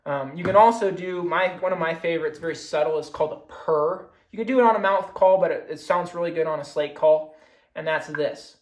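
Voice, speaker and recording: A man's voice: a little high, normal speed. A young man giving a casual recorded talk on hunting, explaining his methods as he demonstrates them. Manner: casual, explains with hands-on calling demos. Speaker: hunting presenter. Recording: echoey room.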